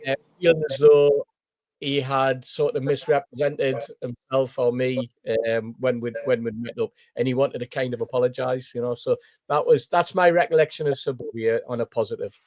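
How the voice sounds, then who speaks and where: A man's voice: mid-range voice, moderate pace, no echo. A man telling a story as a podcast panelist, acting out the voices of the people in it. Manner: animated storyteller, acts out quoted voices. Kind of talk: casual anecdote telling.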